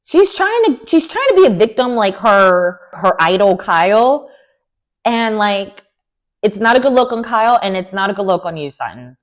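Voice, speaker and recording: A young woman with a sassy, animated manner, giving an opinionated recap of a reality TV show. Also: mid-range voice, moderate pace. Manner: animated, sassy, lots of "like" and "girl". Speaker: recap vlogger.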